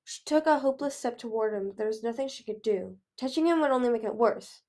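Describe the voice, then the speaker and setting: A woman reading a fantasy novel aloud in an earnest, expressive way. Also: a little high, fast talker. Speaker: audiobook reader. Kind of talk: storybook read-aloud.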